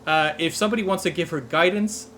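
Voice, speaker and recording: A man narrating and running a tabletop game as game master, in a slow, relaxed, descriptive manner. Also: fairly high pitch, soft background music.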